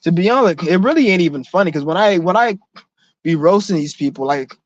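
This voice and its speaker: A man's voice: sits high, lively intonation, brisk, no room sound. A man delivering a heated rant to camera, blunt, profane and confrontational, often restarting his sentences. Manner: repeats himself with many restarts. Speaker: vlogger. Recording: dull lo-fi, dry sound.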